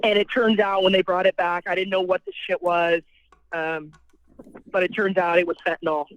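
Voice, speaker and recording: A woman's voice: lowish voice, fairly even intonation, normal speed, dry recording, dull audio. A woman with a New York accent telling her story casually and bluntly, swearing freely and restarting her sentences. Her voice is recorded close and dry, with no room sound. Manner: blunt, profane, frequent restarts and you-knows. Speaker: podcast guest sharing her recovery story.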